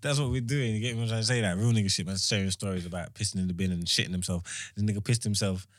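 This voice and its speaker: A young man with a London accent telling a funny story in casual podcast chat, animated and full of slang. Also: lowish voice, fast talker, no echo, clean studio sound. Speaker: podcast co-host.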